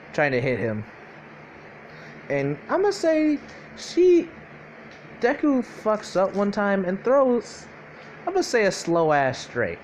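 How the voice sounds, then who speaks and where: A man's voice: on the high side, slight background noise. A young man casually improvising a fan-fiction story aloud, rambling and profane, full of fillers and self-corrections.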